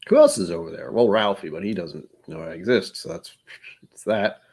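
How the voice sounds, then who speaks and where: A man's voice: low voice, lively intonation, normal speed, a little mellow, husky. A man hosting his own vlog, rambling through casual solo musings with self-deprecating humor. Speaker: vlog host.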